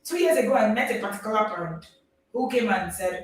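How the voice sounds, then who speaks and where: Nigerian woman, parenting coach, lively audience talk, far off in a booming room. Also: brisk. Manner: animated, laughs often, asks the audience "right?". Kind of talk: speaking to a live audience. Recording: very echoey, distant mic.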